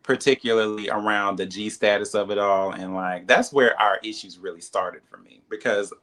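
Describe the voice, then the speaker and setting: A man, a reality TV cast member, telling a candid story in an interview, with many "like" and "you know" fillers. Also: moderate pace. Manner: animated, acts out quoted dialogue in a higher voice.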